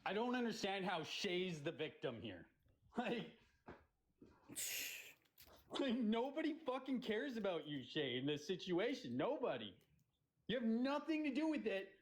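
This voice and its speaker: High-voiced man ranting angrily. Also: very animated, a little slow, long pauses, slight background noise, rough recording. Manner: angry, swearing, ranting. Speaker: livestream host. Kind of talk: heated livestream argument.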